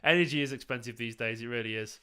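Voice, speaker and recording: A man's voice: mid-range voice, fast, bright, forceful tone, smooth. A man streaming a football watchalong, casually thanking viewers by name and swearing freely between comments on the match, sounding tired and emotional.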